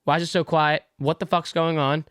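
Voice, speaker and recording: A young man hosting a sports podcast. He talks in excitable, profane bursts and reacts quickly to his co-host. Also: a little high, clean tone, no echo, studio quality. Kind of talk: casual sports podcast chat.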